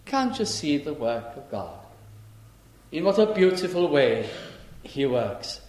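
A man preaches in a storytelling way, leaning hard on rising rhetorical questions and stretching out the key words. His voice sits a little high for a man. He is recorded in a roomy space with a clear echo. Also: very animated, a little mellow. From Lancashire, England. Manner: emphatic rising rhetorical questions, slow drawn-out stresses. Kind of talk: storytelling sermon.

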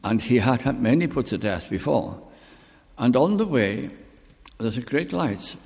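An older man preaching a sermon with personal testimony, speaking slowly and deliberately, drawing out key words. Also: medium pitch, lively intonation, darkish tone, slightly rough. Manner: slow, deliberate, drawn-out emphasis. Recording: long reverb in a hall.

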